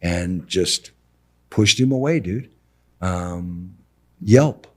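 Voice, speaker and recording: His voice sits low and he draws out his words: a middle-aged contractor casually telling stories on a podcast. He animatedly performs both halves of conversations, with slangy asides like "bro" and "dude."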